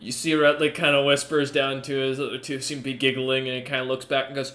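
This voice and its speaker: A man narrating as game master of a tabletop game, pausing often with ums and uhs. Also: medium pitch, level tone, fairly bright tone, roomy sound. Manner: halting, full of ums and uhs.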